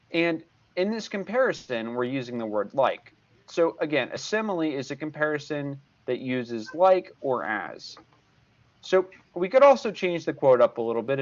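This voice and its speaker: A man's voice: mid-range voice, highs cut off. A man in his sixties, a tutor giving a recorded video lesson, patient and repeating key points. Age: 60s. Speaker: math tutor.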